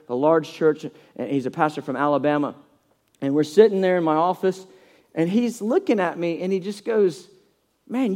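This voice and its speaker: A middle-aged male pastor preaching a sermon with passion, telling stories and acting out quotes in a hushed voice. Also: a little high.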